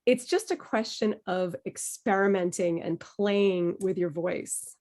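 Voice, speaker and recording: A woman leads a voice workshop over a video call, taking her time with every phrase. Her manner is playful and encouraging, and she keeps breaking into little vocal demonstrations. Her pitch sits in the middle range. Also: measured pace, darkish tone. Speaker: workshop leader. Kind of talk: online workshop instruction.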